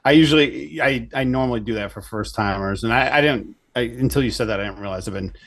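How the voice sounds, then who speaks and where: A man's voice: mid-range voice, fast, a bit bright. A man talking as a guest in a casual podcast chat, loose and easygoing, swearing offhandedly. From Connecticut. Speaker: tattoo artist guest.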